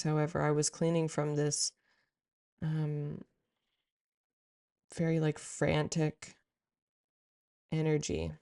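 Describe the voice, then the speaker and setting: Woman, spiritual vlogger, heartfelt rambling talk, flat even delivery. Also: low voice, vocal fry. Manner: meandering and heartfelt, frequent "like" fillers. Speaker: spiritual content creator. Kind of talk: reflective spiritual talk to camera.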